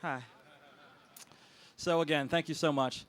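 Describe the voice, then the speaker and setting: A man, co-owner of a restaurant, hosting an outdoor anniversary celebration with emotional, grateful words and loud announcements. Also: a little high, fairly even intonation, a little slow. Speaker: restaurant co-owner and event host. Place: outdoors on a city street.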